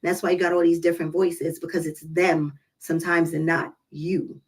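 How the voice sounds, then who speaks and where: A woman vlogger telling a personal story to her viewers in a casual, animated and emphatic way. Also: on the low side, normal speed, husky, low-quality recording.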